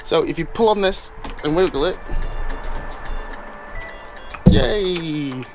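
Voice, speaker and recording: A man's voice: fairly high pitch, a little fast, music in the background. A British man presenting a casual how-to vlog as a bike reviewer, chatty and wry, with jokey asides.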